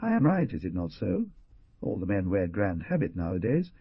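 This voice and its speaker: A man's voice: deep voice, sing-song, moderate pace, breathy edge, no room sound, muffled recording, heavily acted. A man voicing a stout, elderly, foreign-born hostess who fusses and scolds in formal phrasing, with a foreign accent. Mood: fussing.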